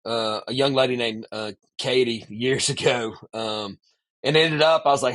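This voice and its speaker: A man's voice: medium pitch, a little slow. A man, a podcast guest, casually telling a long story with lots of "man" asides. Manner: animated storyteller, peppers speech with "man".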